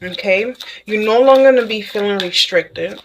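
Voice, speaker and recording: A woman giving a casual spoken tarot reading to the viewer, excitable and chatty, who keeps checking in with "okay?". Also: medium pitch, normal speed, muffled recording, noisy background. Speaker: tarot reader.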